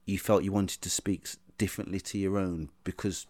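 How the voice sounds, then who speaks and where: A man hosting a casual chat, asking questions in a halting way with many restarts. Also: sits low, fairly even intonation, darkish tone. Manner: halting, lots of ums and restarts. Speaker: actor, podcast host asking questions.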